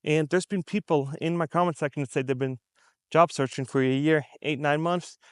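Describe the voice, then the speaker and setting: A man's voice: a little high, steady tone, moderate pace, clean tone, dry recording, clean studio sound. A man from the United States talking straight to his viewers in unscripted commentary, emphatic and conversational, repeating his points and acting out how people react. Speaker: commentary vlogger.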